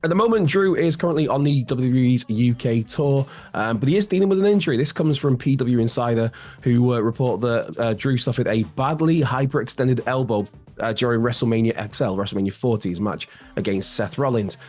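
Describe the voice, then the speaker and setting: A man hosts wrestling news with a slightly raspy voice. He talks casually, with plenty of ums and restarts, at a middling pitch. Faint music plays underneath. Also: fairly quick, a little mellow. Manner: chatty, many fillers and restarts.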